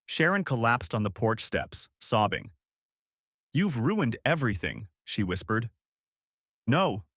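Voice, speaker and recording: A man reading a first-person story aloud as scripted narration, with dramatic, expressive delivery. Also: on the low side, no echo, studio quality.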